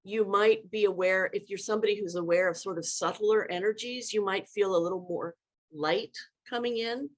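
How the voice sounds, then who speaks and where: A woman leadership coach giving a live online workshop talk, demonstrating vocal inflections in an animated way. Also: medium pitch, normal speed.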